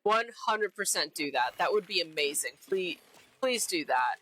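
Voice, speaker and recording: A woman's voice: fairly low pitch, animated, moderate pace, pushed and bright, rough recording. A woman streamer chatting casually while she plays a game, bubbly and repeating herself often. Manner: bubbly, repeats herself, giggly silly name-calling.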